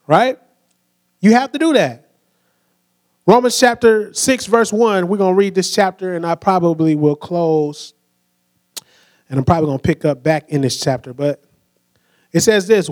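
A young male preacher delivers an animated sermon in a high, bright voice. He acts out the people he quotes and keeps asking the congregation to repeat words after him. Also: unhurried, long pauses. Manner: energetic, acts out quoted voices, asks the crowd to answer back.

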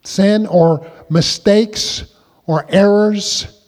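Pastor guy preaching, high voice, keeps asking the crowd to answer back, big echoey hall. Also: steady tone, drawn-out words, a little mellow. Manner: call-and-response preaching, asks the congregation questions. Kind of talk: sermon.

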